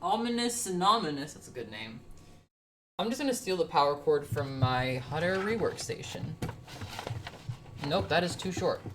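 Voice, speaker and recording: A woman on a casual livestream talks to herself in a low voice while she wires up a computer. She mutters through the work and swears under her breath. She is ill with COVID. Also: expressive, moderate pace, long pauses, a bit bright, a little hiss or hum. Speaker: streamer.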